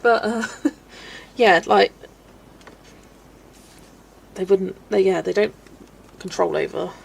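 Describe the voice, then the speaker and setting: A UK woman hosts a laid-back colouring livestream, rambling chattily, laughing often and reading viewers' comments aloud. Her mid-range voice is slow and creaky, with a little hiss or hum on the recording.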